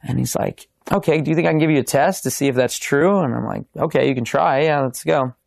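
Young man, gravelly, dry close mic; animated testimony with quoted dialogue. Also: a little high, fast, no room sound. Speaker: podcast guest. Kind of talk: casual testimony storytelling.

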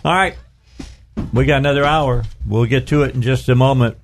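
A man's voice: mid-range voice, brisk, faint music behind. A middle-aged man hosting a talk radio show from his studio, rambling and restarting his sentences, stretching out words for emphasis.

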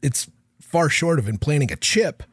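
A man's voice: a little high, animated, normal speed, slightly rough, dry recording, clean studio sound. A man co-hosting a podcast in casual chat, throwing in wry jokes and quips. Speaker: podcast co-host.

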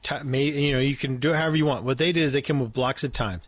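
A man's voice: mid-range voice, racing, no room sound. A man hosting a radio talk show, chatty and joking with his co-host. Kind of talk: casual radio chat.

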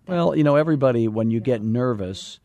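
A man's voice: medium pitch, animated, brisk, dark tone. A middle-aged man hosting a podcast, coaching in a casual, joking, folksy way. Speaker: podcast host and real estate coach.

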